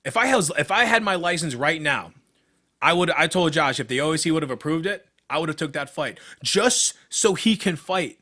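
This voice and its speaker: He speaks at a moderate pace in a voice on the high side, with lively intonation and a sharp tone. A young co-host of a casual podcast, he's an MMA fighter who talks bluntly and profanely about his fighting career, clearly worked up.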